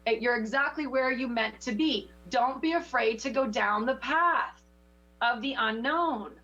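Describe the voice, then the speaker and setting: A woman with a fairly high voice coaches someone through a card reading, talking with passion and a preacher's push. The sound is dull and lo-fi, like local TV audio. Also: measured pace, pushed and bright, faint music behind. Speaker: spiritual teacher giving oracle card readings. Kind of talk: intuitive coaching chat.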